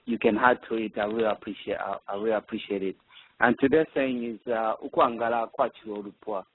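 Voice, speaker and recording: Earnest Zambian man with a low voice. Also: a little hiss or hum. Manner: hesitant, many fillers, earnest. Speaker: segment presenter. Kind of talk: radio talk. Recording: tinny phone-like line.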